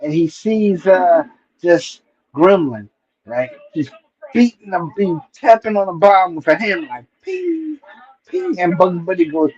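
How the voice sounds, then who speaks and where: Reminiscing casually on his stream, a middle-aged man rambles through old stories at an unhurried, meandering pace, regularly tossing in "right?" and "you know" to keep listeners with him. His slightly raised voice sits high with a breathy edge, and the streaming mic makes it sound dull and lo-fi with muffled highs.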